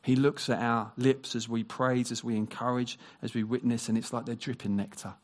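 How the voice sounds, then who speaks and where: A man preaching a sermon, animated, acting out quoted voices and dropping into hushed, near-whispered passages. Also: mid-range voice, normal speed. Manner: animated, acts out quoted voices, drops to a hush.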